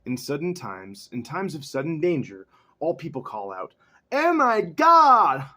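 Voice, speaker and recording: A man casually reading a book aloud, breaking off into rambling, self-mocking asides. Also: mid-range voice. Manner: slow, lively reading voice.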